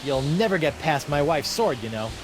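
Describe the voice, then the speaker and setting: An actor voicing a hapless, wisecracking pirate hero in a game, quick and breezy. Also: male voice, on the high side, expressive, noisy background, close to an everyday voice. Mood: playful.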